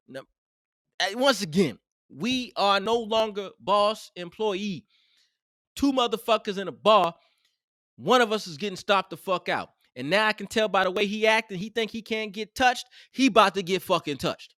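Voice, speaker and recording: A man telling a heated workplace story in a casual, animated and profane way, emphatic and expressive. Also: high voice, moderate pace, dry recording, studio quality.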